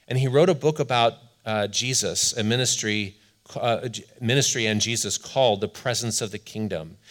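A man preaching a sermon as pastor, earnest and emphatic, slowing down to stress key lines. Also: lowish voice.

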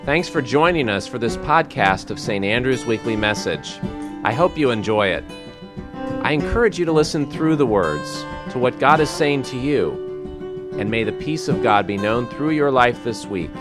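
A man at a middle pitch gives a calm, formal welcome to a church podcast. Plucked guitar music plays clearly beneath his voice. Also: normal speed. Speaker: podcast host introducing the sermon. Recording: music playing behind the voice.

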